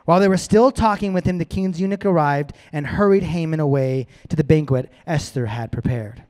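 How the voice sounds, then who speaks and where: Brief: casual, animated male preacher, higher-pitched voice. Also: a little fast. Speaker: pastor. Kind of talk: sermon.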